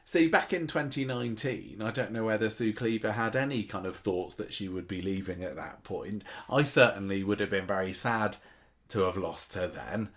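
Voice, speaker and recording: Man, low voice, casual podcast chat, musing, restarts. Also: normal speed, fairly bright tone. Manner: musing, thinks aloud with restarts. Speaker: podcast co-host.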